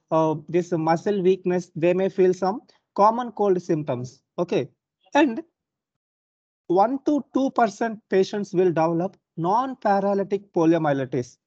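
A man's voice: high voice, a little mellow, no room sound, dull audio. A young man with an Indian English accent giving an online university lecture, explaining step by step with frequent "uh" and "so" and checking on his students.

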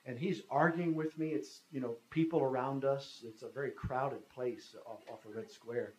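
At normal speed and with a steady tone, this mid-range American man's voice comes through a reverberant, low-quality recording with slight background noise. He's in his fifties, a guest speaker sharing a personal story in a talk, chatting conversationally and performing the dialogue.

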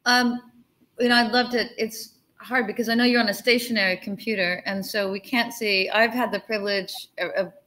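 A woman's voice: on the high side, fairly even intonation, brisk, bright, forceful tone. A woman from the United States hosting a live interview over a video call, chatty and enthusiastic. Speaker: host.

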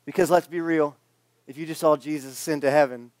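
Joking young pastor, slightly high voice. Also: male voice, steady tone, a little fast, a little mellow, no room sound. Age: 20s. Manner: joking, conversational, acts out quoted voices. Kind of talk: casual sermon. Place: church sanctuary.

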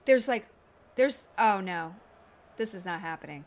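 A woman's voice: medium pitch, a little slow, faint music behind. A woman live-streaming a video game, chatting casually and yelping and swearing at what happens on screen. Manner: excitable, yelps and swears at the game.

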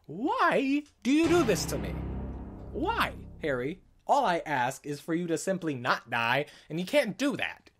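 A gaming channel host doing let's play commentary, swearing and yelling at the game character, with game music behind. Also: mid-range voice, huge pitch swings, measured pace.

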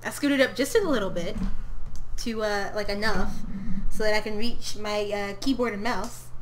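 A young woman streams a life-simulation game from her home office, chatting casually with her character and viewers in a medium-pitched voice at a moderate pace. Sometimes she talks from across the room, away from her desk mic, and a little hiss or hum is audible.

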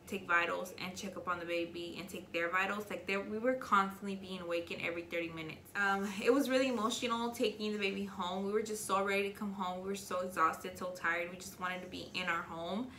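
Bright-voiced young woman vlogging candidly. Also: medium pitch, reverberant, a little hiss or hum. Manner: candid, emotional, chatty with many fillers. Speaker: beauty vlogger. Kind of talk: casual Q&A vlog.

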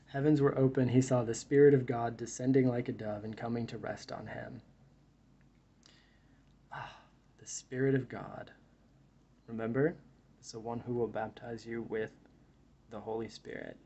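Man, Bible teacher, thoughtful musing talk, husky dark voice, dull lo-fi recording. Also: medium pitch, level tone, moderate pace, pauses often. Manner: thoughtful, musing, reads scripture aloud then comments. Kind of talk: reflective Bible study talk.

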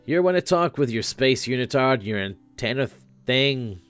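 A man's voice: mid-range voice, expressive, moderate pace, a bit bright, clear, resonant tone, soft background music, lightly acted. A man doing a rambling, laid-back floating guide boy.

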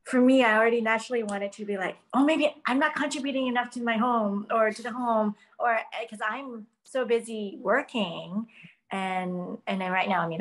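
A woman's voice: medium pitch, low-quality recording. A woman hosting a podcast, talking earnestly and self-reflectively in casual conversation, with frequent fillers. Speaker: podcast host.

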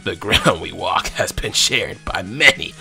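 A man's voice: low voice, animated, creaky, sharp tone, pitched below the performer's own voice, exaggerated voice. A man hamming up a grave ground-type master. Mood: mock solemn. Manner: slow mock-grave speech broken by laughs. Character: solemn male ground-type elite trainer.

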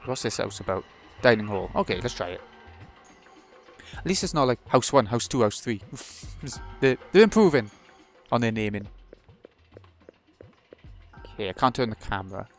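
A man's voice: on the low side, sing-song, normal speed, long pauses, soft background music. Dry-talking British man playing a game. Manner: dry, wry asides with muttered remarks. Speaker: let's play host. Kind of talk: casual gameplay commentary.

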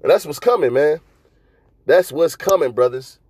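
A man preaching casually to his brothers while driving, exhorting them with many fillers and a repeated "man", and reading scripture aloud in slow phrases. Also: fairly high pitch, darkish tone, breathy edge, no echo. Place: inside a car.

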